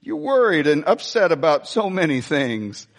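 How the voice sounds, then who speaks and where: High, lively preaching man in reverb. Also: normal speed, vocal fry. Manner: animated, repeats phrases, asks the congregation questions. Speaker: pastor. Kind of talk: sermon. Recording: reverberant church hall.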